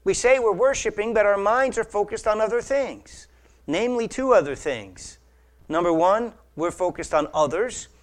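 Male pastor, high voice, animated sermon delivery that drops to asides and rises to bursts. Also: moderate pace. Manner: animated, acts out imagined voices, swings from hushed to loud.

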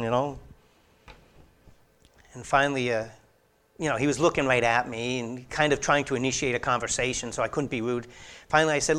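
A middle-aged man preaching a sermon in an earnest way, growing animated and louder as he goes on. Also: mid-range voice, a little fast, long pauses.

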